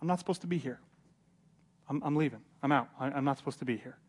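A calm grown apostle, put on by a male preacher, speaking low and hushed. He sounds reassuring and gently insistent. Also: quick pace, close to an everyday voice.

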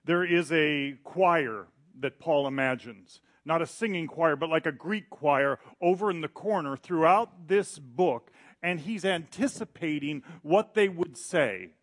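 A middle-aged male pastor preaching a sermon in an animated way, acting out quoted voices. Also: a little high, measured pace.

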